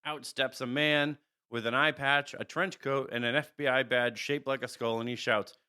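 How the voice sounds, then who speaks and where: A man co-hosting a podcast, reading out a comic scenario in a deadpan way amid casual chat. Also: medium pitch, moderate pace, smooth. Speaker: podcast co-host.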